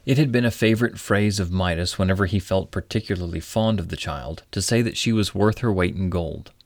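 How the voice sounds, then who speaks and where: A man narrating a classic storybook tale in a gentle, expressive storytelling manner. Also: deep voice, a little fast, no echo.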